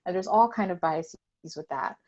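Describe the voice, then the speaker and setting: A woman speaking in a deliberate, reflective way during a candid discussion on a video call. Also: on the low side, darkish tone, highs cut off. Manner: deliberate, reflective, occasional laughs. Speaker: panelist.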